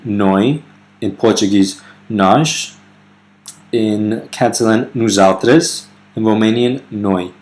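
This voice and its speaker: Low-voiced man, casual video grammar tutor, some ums, reads out foreign example sentences. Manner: relaxed, with fillers and self-corrections. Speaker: language teacher.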